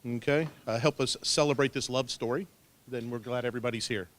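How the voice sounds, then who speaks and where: A man's voice: mid-range voice, fairly even intonation, fairly quick. A man in his fifties giving a wedding toast as father of the bride, folksy and peppering his lines with "okay?", speaking into a handheld mic at a reception. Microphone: handheld microphone.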